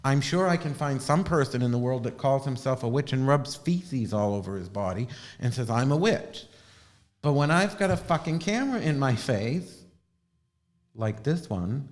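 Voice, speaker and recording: A man's voice: medium pitch, animated, normal speed. A man hosting a live video stream, talking casually in a rambling, profane and sardonic way. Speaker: livestream host.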